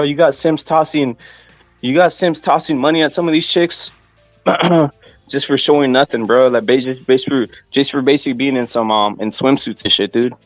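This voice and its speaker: A man hosting a casual stream, talking crudely and rambling, his voice raspy from smoking. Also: a little high, no room sound, lo-fi sound. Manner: crude, rambling, lots of "bro". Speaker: podcast host. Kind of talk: casual livestream chat.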